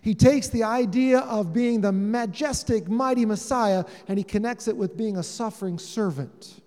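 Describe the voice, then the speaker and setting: The sermon comes from a man whose fairly high voice carries a dark tone and moves at a moderate pace. He tells the story with lively energy, acting out the dialogue, as the hall's long reverb rings behind him.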